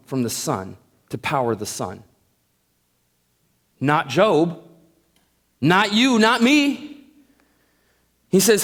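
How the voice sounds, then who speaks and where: Bible study teacher, male: lively, playful delivery, recorded in an echoing hall. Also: sits high, measured pace, pauses often. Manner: conversational, joking, animated. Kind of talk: Bible lesson. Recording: echoey hall.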